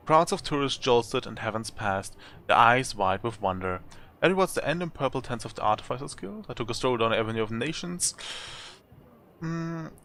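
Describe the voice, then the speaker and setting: A man reads a text adventure game aloud for his channel, breaking off for chatty asides and small chuckles. His voice is bright and forward, at an ordinary pitch. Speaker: let's play host.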